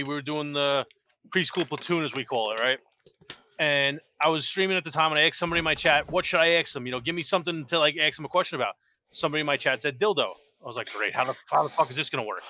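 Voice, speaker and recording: A man's voice: on the high side, sharp tone, a little hiss or hum. A man hosting a casual podcast panel, telling stories animatedly and full of quoted dialogue. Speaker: podcast panel host and streamer.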